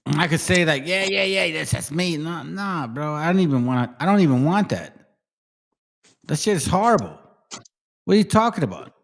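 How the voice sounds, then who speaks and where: A man hosting a casual livestream, his voice sitting a touch above the usual male range. He rambles in a loose, profane way, often dropping to a low mutter before picking back up. The tone is relaxed and unscripted. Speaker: livestream host.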